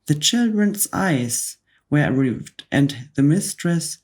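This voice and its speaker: A woman reading a children's book aloud as a calm whispered role-play for bedtime. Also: low voice, slow. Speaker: ASMR book reader.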